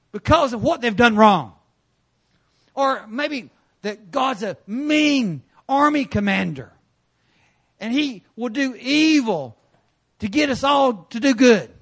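A man preaching in a church sanctuary, his voice sitting high for a man. He tells stories with energy, jumping from loud, punchy lines to quiet asides. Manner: animated storytelling with sudden loud and quiet turns. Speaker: guest preacher. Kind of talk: sermon.

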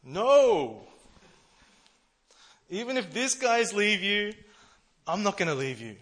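A man preaching, voicing a passionate male disciple who protests his loyalty loudly and emphatically. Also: medium pitch, expressive, normal speed, husky, long reverb tail. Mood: bold.

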